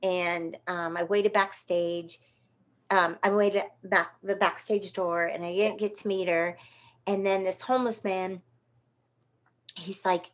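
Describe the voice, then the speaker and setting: A woman tells a story as a guest in an easygoing conversation. She is lively and theatrical, jumping into the voices of the people she quotes. Her pitch sits in a middle range for a woman. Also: unhurried. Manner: animated, acts out quoted voices. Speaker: guest performer.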